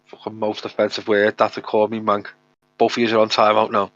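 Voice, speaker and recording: Flat-voiced Scouse man on voice chat. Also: lowish voice, brisk, dry recording, lo-fi sound. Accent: Liverpool Scouse. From Liverpool, England. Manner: blunt, with a thick accent. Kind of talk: casual voice chat.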